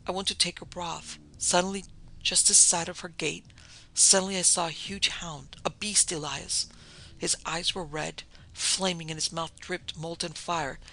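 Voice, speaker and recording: Breathless, sobbing young wife, high and bright, read by a man. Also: steady tone, unhurried, gravelly, exaggerated voice. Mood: terrified. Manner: breathless and choking with terror.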